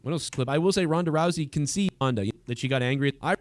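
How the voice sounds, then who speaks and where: A man's voice: on the high side, quick pace. A man hosting a livestream in casual chat, rambling with frequent restarts and trailing thoughts. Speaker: livestream host.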